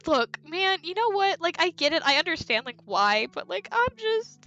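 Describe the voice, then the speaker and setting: A woman streaming a game live, reacting loudly and laughing between the lines she reads aloud. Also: very high-pitched, very animated, moderate pace, few pauses. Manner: loud, exclamatory and laughing. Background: faint game music.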